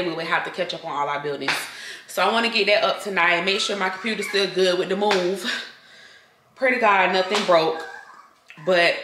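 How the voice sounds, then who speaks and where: Woman, 30s, casual vlog chat, gravelly fry, echoey home room, faint background music. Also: on the low side, sharp tone, a little hiss or hum. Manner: chatty, addresses viewers as y'all and girl. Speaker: vlogger. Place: at home, in a walk-in closet.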